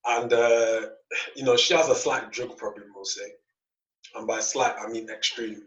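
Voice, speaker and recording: A man's voice: mid-range voice, flat delivery, normal speed, a bit bright. Young man telling a rambling story, echoey. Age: young adult. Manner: rambling, repeats words, acts out dialogue. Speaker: podcast co-host. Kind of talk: casual storytelling chat. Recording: echoey, distant, dull lo-fi mic.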